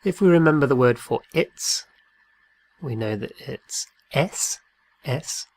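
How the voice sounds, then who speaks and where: Male language teacher, slow and deliberate, mid-pitched, dry close sound, drills phrases and spells words aloud. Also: expressive, darkish tone, dry recording. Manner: patient, repeats each phrase and spells words out. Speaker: Spanish teacher.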